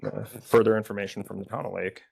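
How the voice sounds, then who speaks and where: A man reads letters into the record at a public meeting. His voice is very low and gravelly, and his delivery stays flat and even, with small stumbles here and there. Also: fast talker. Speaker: committee staff reading correspondence. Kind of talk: reading letters aloud at a meeting.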